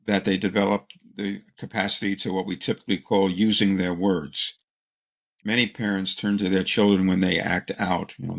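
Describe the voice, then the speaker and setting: A man, a child psychologist, answering interview questions with calm explanations and stories, acting out short quotes. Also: deep voice, gravelly. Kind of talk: interview answer, anecdotal storytelling.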